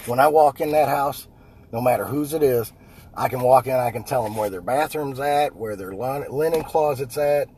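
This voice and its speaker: Guy talking sales, super raspy voice, blunt and folksy, keeps saying right?. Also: medium pitch, normal speed, darkish tone. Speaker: house painter and business owner. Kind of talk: casual motivational talk.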